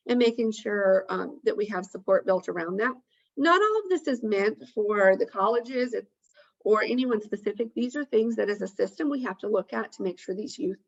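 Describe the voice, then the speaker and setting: Woman with a gravelly voice on a dull webinar line. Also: medium pitch. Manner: earnest, lists points with frequent ums. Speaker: webinar presenter. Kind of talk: informational webinar talk. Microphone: video call.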